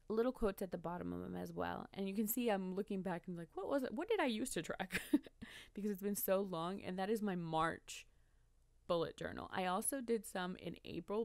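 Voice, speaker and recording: Chatty woman, low voice, dry close mic. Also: a little mellow, no echo. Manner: chatty, rambling, self-correcting with small laughs. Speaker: bullet journal vlogger. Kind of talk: casual voice-over narration.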